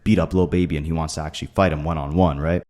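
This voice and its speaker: A man's voice: extremely low pitch, fairly even intonation, very fast, darkish tone. A man giving commentary, explaining events and ending points with rhetorical questions. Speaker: commentary host.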